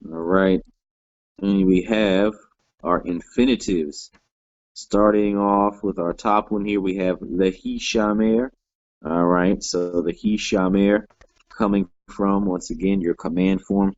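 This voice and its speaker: A man with a very low voice teaches a grammar lesson at an unhurried, deliberate pace. He explains each form patiently and checks in with the class as he goes. The recording is dry and somewhat dull, lacking clarity. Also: steady tone, darkish tone, dry recording. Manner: patient, explains step by step, many "all right" fillers. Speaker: Hebrew teacher.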